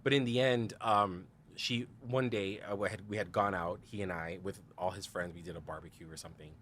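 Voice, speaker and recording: This low-pitched male voice holds a steady tone, moves a little fast, and sounds slightly bright over a light hiss or hum. As a podcast guest, he tells a frank personal story full of "like" and "you know," acting out what others said and often laughing.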